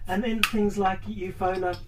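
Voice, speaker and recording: Casual co-host from South Africa, fairly high male voice, laughing storyteller; faint hiss behind. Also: level tone, moderate pace. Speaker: podcast co-host. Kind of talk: casual chat.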